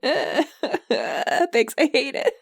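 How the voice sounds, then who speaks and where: A woman co-hosting a casual tabletop roleplaying podcast, chatty and animated, laughing often as she talks. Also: high-pitched, drawn-out words, vocal fry, dry recording, studio quality. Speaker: podcast co-host, player.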